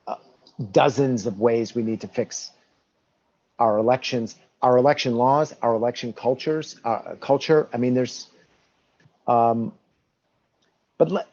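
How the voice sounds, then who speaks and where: Mellow-voiced man explaining emphatically. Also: medium pitch. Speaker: guest, election reform advocate. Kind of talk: podcast interview. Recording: dull lo-fi audio.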